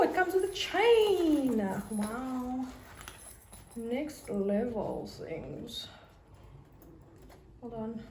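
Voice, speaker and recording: A young South African woman with a South African accent, gushing over her haul in a casual fashion vlog. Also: medium pitch. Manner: gushing, bursts into excited squeals. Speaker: fashion vlogger. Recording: echoey room with faint noise.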